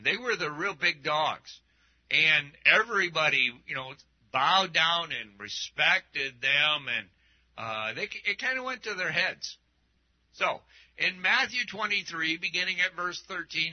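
A man's voice: a little high, lo-fi sound. A male pastor preaching a sermon in a conversational, rambling way, often restarting and adding asides.

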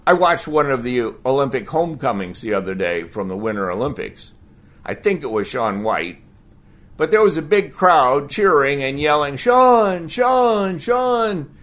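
A man preaching a sermon as pastor, conversational and animated, asking the congregation rhetorical questions. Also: mid-range voice, moderate pace.

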